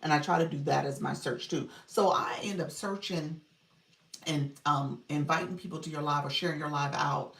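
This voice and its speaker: A woman's voice: low-pitched, steady tone, normal speed, gravelly, a bit bright. A woman coaching on a live stream, chatting casually, greeting viewers and laughing often. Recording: echoey room, voice distant from mic.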